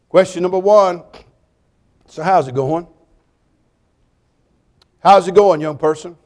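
A man preaching a sermon, telling jokey stories with lively swings between loud punchlines and quiet, earnest appeals. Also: sits high, takes it slowly, pauses often. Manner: animated, joking storytelling with sudden drops to quiet appeals.

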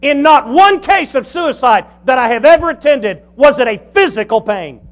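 Folksy high-voiced preacher man. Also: expressive, normal speed. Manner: folksy, humorous storyteller. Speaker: pastor. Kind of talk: sermon.

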